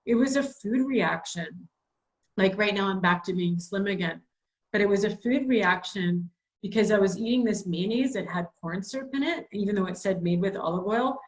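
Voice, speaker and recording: A woman's voice: mid-range voice, rough recording. A woman in her forties hosting a casual video call chat, gushing and chatty with many "like"s. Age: 40s. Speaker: host.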